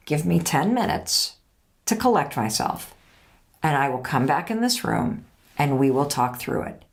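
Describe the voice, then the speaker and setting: Direct, emphatic woman podcast host. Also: on the low side. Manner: direct, emphatic, acts out quoted partners. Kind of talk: motivational advice talk.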